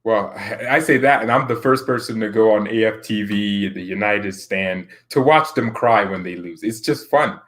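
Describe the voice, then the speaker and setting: A man's voice: on the low side, normal speed, few pauses, fairly bright tone. Rambling, laughing man chatting casually. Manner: rambling, laughing often, stammering restarts. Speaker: football channel host. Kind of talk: casual chat reading viewer comments.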